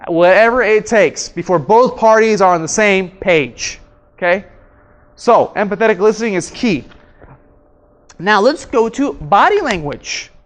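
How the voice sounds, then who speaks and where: A man teaching a workshop to a live audience, quizzing the room and acting out his examples in an animated way. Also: high voice, a little slow. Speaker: workshop instructor. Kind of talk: interactive seminar lecture.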